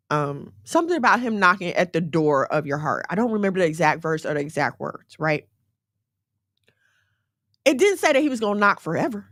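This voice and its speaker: A woman giving a conversational sermon in a direct, animated way, mixing scripture with everyday slang. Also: mid-range voice, normal speed, long pauses, no room sound, clean studio sound. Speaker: faith teacher.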